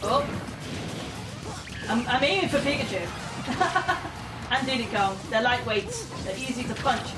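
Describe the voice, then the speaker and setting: Rich: a high-voiced woman giving let's-play commentary, laughing often and yelling at the screen as she plays. She sits away from the mic in an echoey room, and game music plays clearly behind her. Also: unhurried, pauses often, recorded from a distance. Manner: excitable, giggly, shouts at the game. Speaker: gamer.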